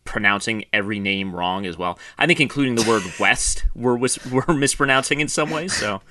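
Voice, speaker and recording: A man's voice: medium pitch, brisk, background noise. A man co-hosting a football podcast in casual chat, laughing often and joking. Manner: laughs often, jokey and animated. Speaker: podcast co-host.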